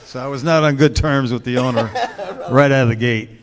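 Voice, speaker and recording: A man's voice: mid-range voice, normal speed, crowd noise. A man in his sixties, a guest speaker telling a long, wry story to a luncheon club in a laid-back way.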